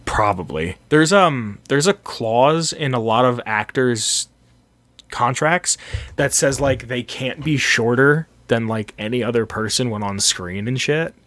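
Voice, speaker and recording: A man's voice: medium pitch, expressive, measured pace, fairly bright tone. A man co-hosting a podcast, rambling casually and profanely about an old movie and acting out its lines. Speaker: podcast co-host. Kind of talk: casual movie review chat.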